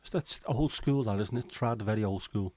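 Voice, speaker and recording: A middle-aged man, hosting a relaxed livestream and chatting with viewers in a jokey, rambling way. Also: fairly low pitch, normal speed, dry recording. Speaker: livestream host. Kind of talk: casual chat reading viewer comments.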